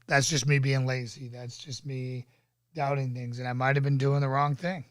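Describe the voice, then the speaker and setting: A man's voice: medium pitch, little pitch movement, moderate pace, no room sound, studio quality. A man hosting a casual live-stream chat, laid-back and rambling with lots of fillers. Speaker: podcast host.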